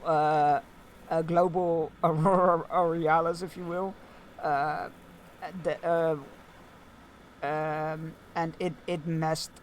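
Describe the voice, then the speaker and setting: A man's voice: a little high, a little hiss or hum. A man streaming a video game, chatting casually and musing aloud, with frequent fillers and chuckles. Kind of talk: casual gameplay commentary.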